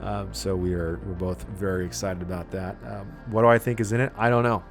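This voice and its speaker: A man hosting a casual gaming podcast, relaxed and rambling with plenty of fillers. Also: deep voice, a little fast, gravelly, soft background music. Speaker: podcast host.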